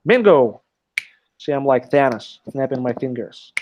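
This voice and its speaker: A man's voice: medium pitch, measured pace, darkish tone, slight background noise. A man teaching an English class live online, explaining step by step and checking in often with "okay", heard through a computer mic on a video call. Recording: dull lo-fi online call audio.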